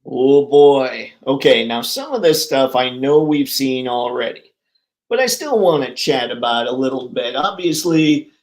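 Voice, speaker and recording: A man's voice: medium pitch, animated, measured pace. A man hosting a live stream about toy collecting, talking casually with viewers in an upbeat, jokey way.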